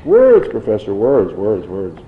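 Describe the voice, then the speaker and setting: A man's voice: lowish voice, wildly swooping pitch, unhurried, reverberant, narrow, tinny audio, heavily acted. A man voicing a pushy male investigator who accuses a professor, needling and insistent. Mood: accusing.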